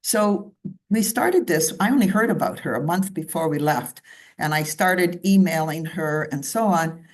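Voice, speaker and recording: Deep-voiced and measured, a Canadian woman presents slides to a club meeting. She keeps it conversational, walking the audience through them with side remarks along the way.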